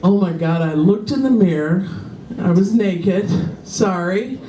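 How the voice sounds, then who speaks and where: A woman's voice: medium pitch, a little slow, dark tone, slight background noise. A woman in her forties doing a bawdy stand-up set, chatty and brash in her storytelling. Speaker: stand-up comedian. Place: hotel lounge comedy club. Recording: roomy live room, distant mic, audience.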